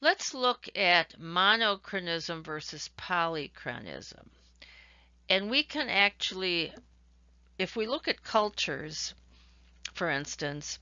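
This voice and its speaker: A woman's voice: on the low side, sharp tone, no echo. Woman lecturing in a dry, dull recording. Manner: explanatory, demonstrating examples with varied emphasis. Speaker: instructor.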